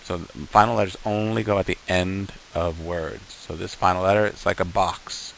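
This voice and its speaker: A man teaching beginners, patient and slow, sounding out each syllable and repeating words for the learner to copy. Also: deep voice, flat delivery, creaky, fairly bright tone, slight background noise, rough recording. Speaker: Hebrew teacher. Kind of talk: beginner language lesson.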